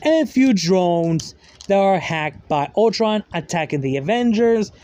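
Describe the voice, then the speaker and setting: Give me a slow, rambling man retelling a fan story, in a high voice. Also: animated, dark tone, no room sound. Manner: rambling, filler-heavy, loose grammar.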